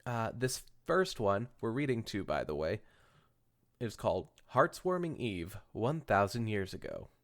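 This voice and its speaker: Lively, low-voiced man reading fan fiction. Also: measured pace. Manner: joking, stumbles and corrects himself while reading. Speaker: podcast host. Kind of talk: reading fan fiction aloud with casual asides.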